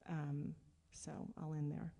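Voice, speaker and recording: A woman panelist with a low, gravelly voice and a mellow tone. She speaks in a thoughtful, measured way. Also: level tone. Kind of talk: panel talk.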